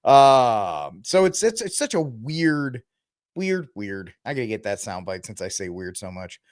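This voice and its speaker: A man's voice: mid-range voice, sing-song, a little slow, dry recording, studio quality. A man hosting a casual political commentary podcast, rambling and sarcastic as he reads and jokes through the news. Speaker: podcast host.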